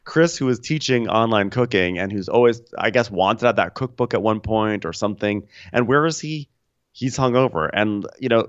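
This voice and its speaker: A man co-hosting a podcast, recapping a reality show in a wry, animated, comedic way. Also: on the low side, normal speed, clear, resonant tone, dry recording, dull audio. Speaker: podcast co-host.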